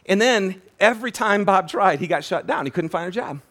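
A man preaching a sermon as pastor, telling a story with animated energy, often restarting and repeating words. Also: high voice, fairly quick.

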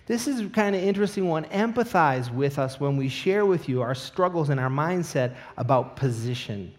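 A middle-aged man preaching a sermon, telling a comic personal story with animated asides before turning to scripture. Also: on the high side. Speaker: pastor.

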